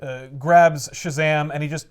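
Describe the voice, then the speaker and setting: A man recapping a comic book in casual chat, with animated storytelling and frequent laughs. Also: fairly high pitch, unhurried, clear, resonant tone.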